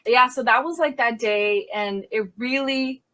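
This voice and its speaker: A woman crime scene investigator telling a personal story in conversation, in a vivid retelling full of quick restarts and self-corrections. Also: fairly high pitch, bright, forceful tone.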